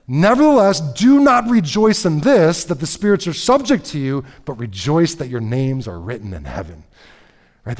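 A man preaching a sermon in a lively, conversational way, reading scripture and breaking into casual asides with frequent "right?" and "okay?". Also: a little high. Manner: reads scripture aloud, then comments in asides. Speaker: pastor.

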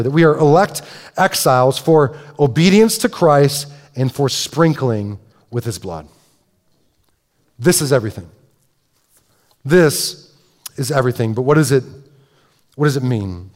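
A man's voice: medium pitch, darkish tone. A man preaching a sermon as pastor, talking in a loose, conversational way with frequent restarts and repeated words. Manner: conversational, self-interrupting with repeated words and asides. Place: church sanctuary. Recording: long reverb of a large hall.

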